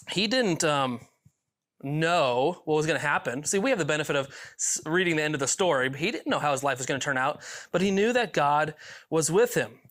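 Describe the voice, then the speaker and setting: A man's voice: on the high side, fairly bright tone. A man preaching a youth sermon, reading Bible passages and adding lighthearted asides with small chuckles and repeated words. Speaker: youth pastor.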